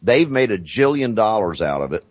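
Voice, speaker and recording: A man speaking as a talk show guest, explaining deliberately and repeating phrases for emphasis. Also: on the low side, big pitch swings, dry recording, highs cut off.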